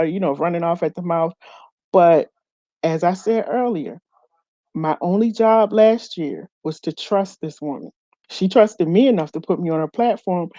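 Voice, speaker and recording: A woman hosting her own channel, telling a personal story to viewers in an animated way and acting out what others said. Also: lowish voice, no echo. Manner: animated, quotes others in lively voices, addresses viewers as y'all. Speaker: show host.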